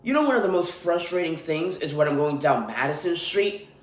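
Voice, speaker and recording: A man's voice: fairly high pitch, big pitch swings, a little fast. A man hosting a solo podcast, ranting in an irritated, profane way. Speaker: podcast host. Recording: roomy echo.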